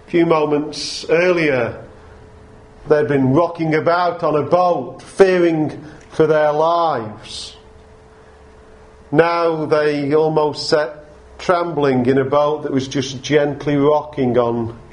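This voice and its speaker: A male preacher gives a sermon in a high, light voice. He speaks slowly and stops now and then to restart a phrase or add a filler. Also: darkish tone.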